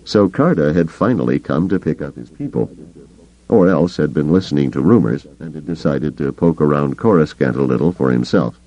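A man narrates an audiobook in a very low, dark, mellow voice. His storytelling is measured but swings widely in pitch. The sound is dull and muffled, like an old cassette recording. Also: animated. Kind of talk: scripted narration.

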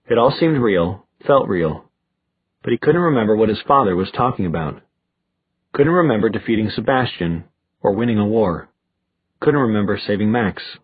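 A man narrating an audiobook in an even, measured way. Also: fairly low pitch, breathy edge, no room sound. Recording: tinny, phone-like dry recording.

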